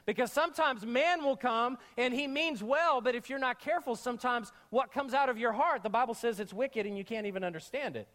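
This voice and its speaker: A high-voiced man preaching an energetic sermon. He jokes with the congregation in casual slang. He sinks to a hushed, earnest tone when he drives a point home. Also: fairly quick, hardly any pauses. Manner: energetic, joking, with slangy asides. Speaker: pastor.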